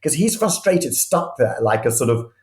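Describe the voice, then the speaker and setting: A man's voice: mid-range voice, big pitch swings, moderate pace, a little mellow, reverberant. A man speaking as a guest historian, telling history as vivid anecdotes and often restarting his sentences mid-thought. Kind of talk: conversational history storytelling.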